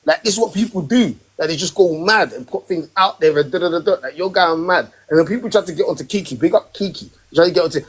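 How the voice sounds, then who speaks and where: Husky man ranting on a live stream. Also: fast, hardly any pauses, poor audio. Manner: animated, emphatic, rising in pitch when worked up. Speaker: podcast host. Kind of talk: heated casual rant.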